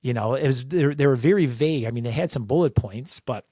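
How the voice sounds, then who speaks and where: Male author-host from Chicago, mid-range voice, casual animated storyteller. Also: medium pitch, a little fast, no echo, clean studio sound. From Chicago, USA. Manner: animated, acts out dialogue, frequent fillers. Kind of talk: storytelling monologue. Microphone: close podcast mic.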